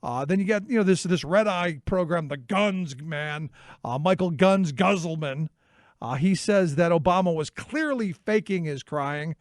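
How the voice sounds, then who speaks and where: Talk radio host, male, high-pitched, dry and close, indignant and halting. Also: no room sound. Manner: indignant, halting, with many fillers and restarts.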